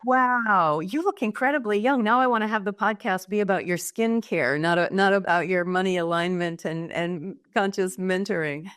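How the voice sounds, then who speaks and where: A woman's voice: medium pitch, normal speed, few pauses, fairly bright tone, clear, resonant tone, no echo, studio quality. A woman from the United States hosting a podcast interview, effusive and enthusiastic. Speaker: podcast host.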